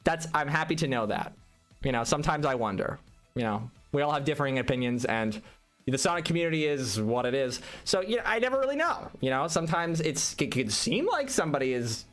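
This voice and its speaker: A man chatting casually on a live gaming stream, animated, rambling and self-deprecating. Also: fairly high pitch.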